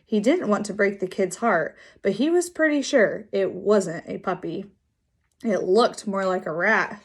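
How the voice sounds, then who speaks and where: A teacher reading a children's chapter book aloud with lively, drawn-out dramatic pauses. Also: female voice, mid-range voice, breathy edge.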